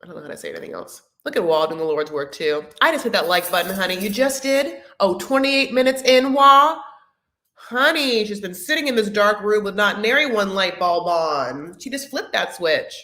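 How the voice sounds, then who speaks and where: A woman's voice: lowish voice, expressive, fairly quick, hardly any pauses, pushed and bright. A woman hosting a live chat recap of a reality show, sassy and chatty, calling her viewers honey. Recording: echoey room.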